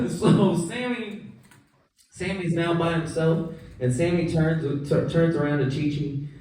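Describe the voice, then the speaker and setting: A man's voice: fairly high pitch, darkish tone, a little hiss or hum. A man doing a stand-up set on a comedy club stage, swearing freely and laughing at his own jokes. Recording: very echoey club recorded from a distance.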